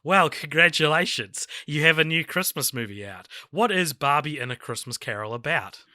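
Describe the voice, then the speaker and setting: A hoarse man with a New Zealand accent reading the lines of a polite female radio interviewer. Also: a little high, moderate pace, no echo, studio quality. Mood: formal. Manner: reading a script flatly.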